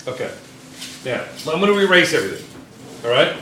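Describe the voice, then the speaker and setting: A man teaches a chemistry class at a whiteboard in a slightly high, bright, forceful voice. He repeats points and keeps asking whether the students can follow. The classroom echoes around him, with a faint hum of room noise. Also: sing-song, a little fast, far from the mic. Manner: repetitive, checks in often with students. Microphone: camera in the room.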